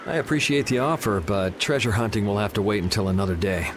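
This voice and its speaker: An actor playing a relaxed, dryly teasing young swordsman hero in a video game. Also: lowish voice, quick pace, noisy background, natural voice. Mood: calm. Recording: game audio over music. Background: game music.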